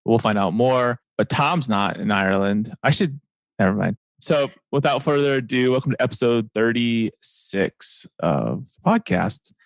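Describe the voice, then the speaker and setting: A man hosting a podcast in casual interview chat, joking and excitable, talking in quick bursts. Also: mid-range voice, creaky, no echo. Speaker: podcast host.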